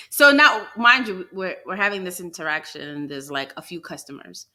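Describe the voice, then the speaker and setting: A woman's voice: fairly low pitch, normal speed. A young woman co-hosting a podcast, telling a story in casual chat and acting out what people said. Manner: animated storyteller who acts out quotes. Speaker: podcast co-host.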